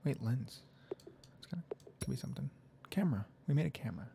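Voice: mid-range voice, expressive, fast talker, creaky, warm tone, a little hiss or hum. A gaming video creator thinks aloud while playing, rambling and often sliding into half-whispered muttering. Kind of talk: soft-spoken gaming commentary.

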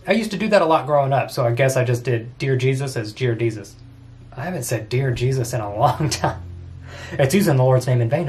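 Joking young man answering fan questions. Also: fairly high pitch. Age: 20s. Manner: reads comments aloud, then answers with quick jokes and frequent laughs. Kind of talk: casual Q&A vlog.

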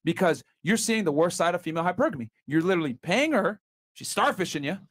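A man's voice: high voice, expressive, quick pace. A man hosting a podcast, giving blunt opinions in casual chat, often restarting and filling with "like" and "bro". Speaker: podcast host.

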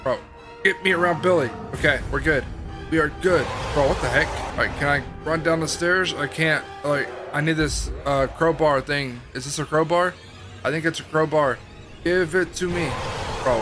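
A young man commentating a horror game, excitable and chatty, full of slang. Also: a little high, moderate pace. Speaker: gaming video host. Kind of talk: gameplay commentary. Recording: game music behind.

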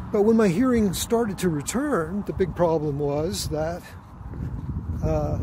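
A man vlogging a personal account in a halting way, with many fillers and restarts and a weary, aggrieved tone. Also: sits high, heavy background noise. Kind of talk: casual personal account to camera.

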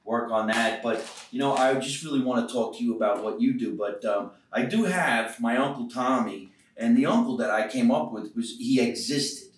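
A man's voice: mid-range voice, normal speed, hardly any pauses. A man from the US East Coast hosting a casual comedy podcast in a basement, joking and easygoing. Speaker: podcast host. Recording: roomy, distant mic.

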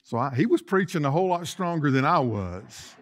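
A middle-aged man preaching a sermon in a church, folksy and joking, building to loud emphatic passages. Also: fairly high pitch, very animated, fairly quick. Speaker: pastor. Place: church sanctuary.

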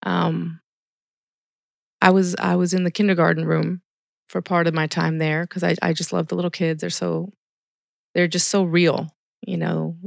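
A woman's voice: fairly low pitch, flat delivery, moderate pace, gravelly, no echo, studio quality. A middle-aged woman, a ministry volunteer, telling stories earnestly in a casual podcast interview. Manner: earnest storytelling with quoted dialogue.

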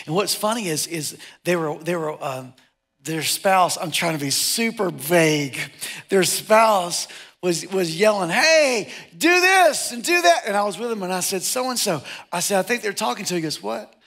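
A middle-aged male pastor preaching a sermon, animated and joking, acting out the people he quotes. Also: on the high side, gravelly. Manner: animated, jokey, acts out quotes.

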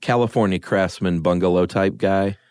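A man with a notably deep, low voice chats casually as a podcast co-host. He sounds relaxed and talks loosely, often trailing into laughter. He speaks into a studio microphone. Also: normal speed, clean tone, no room sound. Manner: relaxed, laughs easily, chatty with fillers. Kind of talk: casual chat.

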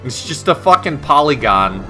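Bright, lively-voiced man cursing at a game. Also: medium pitch, normal speed, faint music behind. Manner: profane, sarcastic, excitable. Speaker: let's play host. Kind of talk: gameplay commentary.

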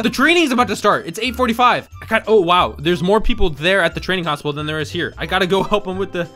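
A young man with a high, bright voice commentates on a game he is playing, cracking jokes and laughing as he goes. He stumbles over quick restarts now and then, and faint music plays under his talk. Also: very animated. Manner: jokey, laughing often, quick stammering restarts. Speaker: gaming video host. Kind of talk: casual gameplay commentary.

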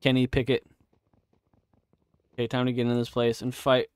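A man's voice: mid-range voice, monotone, moderate pace, clean tone, no echo, studio quality. A man giving casual, profane live commentary while playing a game, chatting to himself and his viewers. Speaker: streamer.

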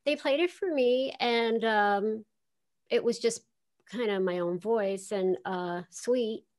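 A woman's voice: fairly high pitch, slow, darkish tone. Chatty older woman from Queens. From New York, Queens. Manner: chatty, laughing storyteller. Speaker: voice actress guest. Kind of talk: casual interview chat.

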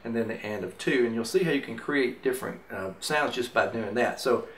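A man speaks briskly at medium pitch during an instructional mandolin demonstration, casually explaining rhythm and counting beats aloud. The sound is roomy and off-mic, with mandolin music behind him.

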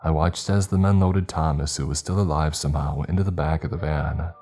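A man narrating a scripted horror story in a steady, measured reading. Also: a bass voice. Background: faint music.

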